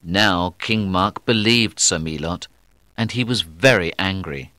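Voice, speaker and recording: Man reading a story slowly. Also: low-pitched, bright, forceful tone, no echo, studio quality. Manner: careful, deliberate reading. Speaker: narrator. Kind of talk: scripted audiobook narration for learners.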